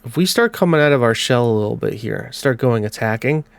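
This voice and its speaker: A man with a blocked nose giving casual let's-play commentary on a football management game, calling the match in quick bursts. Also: medium pitch, lively intonation, gravelly. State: congested. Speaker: gaming commentator.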